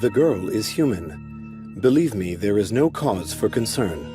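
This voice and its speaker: An actor voicing a calm, protective ancient male golem lord in an anime dub, speaking in a measured way. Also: on the low side, over music. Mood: solemn.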